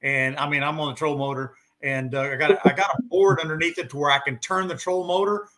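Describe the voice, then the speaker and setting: Bright-voiced fishing guide. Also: male voice, a little high, steady tone, fast. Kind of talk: casual chat.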